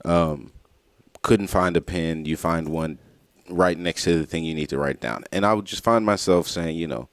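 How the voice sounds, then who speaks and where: Easygoing deep-voiced man, rambling chat. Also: normal speed, no echo, clean studio sound. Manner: easygoing, rambling, laughs often. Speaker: morning show co-host. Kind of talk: casual chat.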